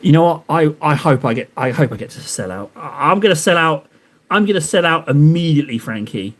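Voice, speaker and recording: A man's voice: a little high, lively intonation, fairly quick, fairly bright tone. A young man chatting casually to his live-stream viewers while he paints miniatures, rambling and poking fun at himself. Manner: rambling, self-mocking, talks to chat while painting.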